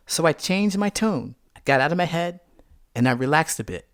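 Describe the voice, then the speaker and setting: Animated male podcast host. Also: mid-range voice, normal speed, no room sound, studio quality. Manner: animated, reenacts scenes with voiced quotes. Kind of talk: personal storytelling monologue.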